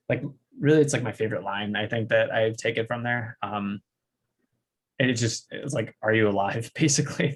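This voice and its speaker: A young man hosting a podcast interview, chatty and relaxed, laughing often. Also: fairly low pitch, breathy edge. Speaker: podcast host. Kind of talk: casual interview chat.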